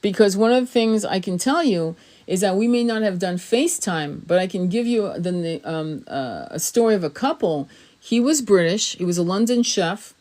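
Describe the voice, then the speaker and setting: A woman's voice: medium pitch, expressive, moderate pace, darkish tone. A middle-aged woman giving a spiritual tarot reading to camera, blunt and emphatic, swearing freely and laughing often as she talks. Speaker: tarot reader. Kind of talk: casual spoken reading to camera.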